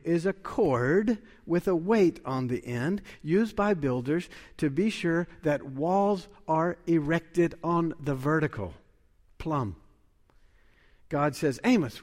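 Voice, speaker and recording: A man preaching a sermon in a measured, emphatic way, lifting his voice when he quotes scripture. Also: fairly high pitch, big-room sound.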